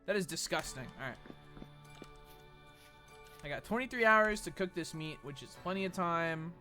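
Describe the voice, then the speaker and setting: A young American man streaming games and chatting casually, animated and profane, jumping between loud outbursts and low mumbles. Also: normal speed, soft background music. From United States. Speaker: Twitch streamer. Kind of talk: casual live-stream chat while gaming.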